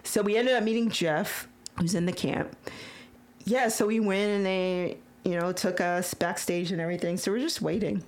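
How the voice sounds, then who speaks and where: A woman hosting a podcast, retelling a story in casual chat, excitable and emotional with frequent stammers. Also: on the low side, moderate pace. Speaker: podcast host.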